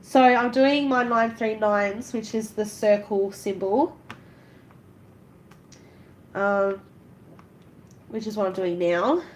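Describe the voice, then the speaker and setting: Slow-talking, giggly Australian woman. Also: medium pitch, a little hiss or hum. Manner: chatty, giggly, self-conscious. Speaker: live-stream vlogger. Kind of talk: casual chat while crafting.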